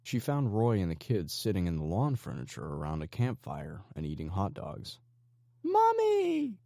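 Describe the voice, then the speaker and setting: Very deep-voiced male audiobook narrator. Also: animated, moderate pace, vocal fry, warm tone, dry recording, studio quality. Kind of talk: scripted narration.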